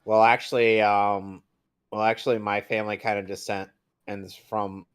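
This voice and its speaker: A man's voice: fairly low pitch, flat delivery, normal speed, a crowd in the background. A man co-hosting a casual movie chat, blunt and opinionated, swearing casually. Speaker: podcast co-host.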